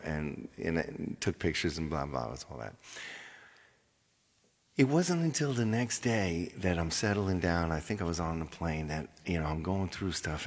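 A man's voice: low voice, a bit bright, long reverb tail. A man, a touring performer, telling his followers a rambling story in casual chat, repeating himself and checking in with "okay". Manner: rambling, repeats phrases, says okay often. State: tired. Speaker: touring performer addressing fans.

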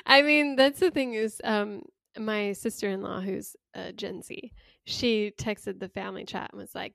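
A woman's voice: medium pitch, fairly even intonation, measured pace, vocal fry, a bit bright, no room sound, studio quality. A young adult woman co-hosting a podcast, talking casually with lots of fillers and frequent laughter. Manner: chatty, laughs often, filler-heavy. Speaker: podcast co-host. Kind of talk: casual chat.

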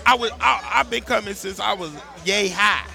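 A man with a Southern accent from Tennessee, hosting a casual sports chat and chiming in eagerly with quick agreement. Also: high-pitched, creaky, bright, forceful tone, some chatter behind.

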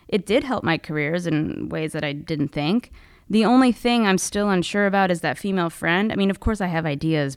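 A woman's voice: lowish voice, no echo, studio quality. A woman hosting a podcast, telling a personal story in a wry, conversational way. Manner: wry, conversational, with casual fillers. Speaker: podcast host.

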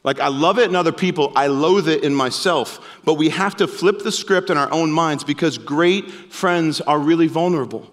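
A man preaching a sermon as pastor, earnest and emphatic, slowing down to stress key phrases. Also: on the high side, big-room sound.

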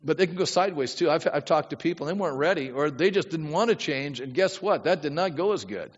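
A man's voice: a little high, lively intonation, fast talker, slightly rough, long reverb tail, dull audio. A man pastor preaching a sermon in a conversational way, often asking the congregation questions.

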